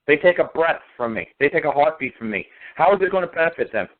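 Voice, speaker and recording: A man's voice: a little high, animated, fast. A man speaking as a guest on a call-in talk show, ranting emphatically and repeating himself. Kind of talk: casual phone-in talk. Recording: tinny phone line.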